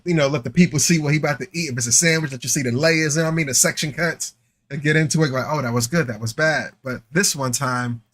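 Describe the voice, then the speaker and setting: A man in his forties co-hosting a live podcast, telling stories in an animated, joking casual chat. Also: a little high. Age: 40s. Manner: animated, joking, laughing storyteller. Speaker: podcast co-host.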